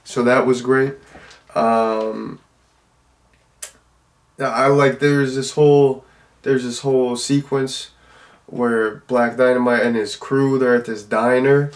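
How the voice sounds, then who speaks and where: A man's voice: mid-range voice, little pitch movement, takes it slowly, pauses often. A man giving a casual, loose and rambling spoken review of a film. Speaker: movie reviewer.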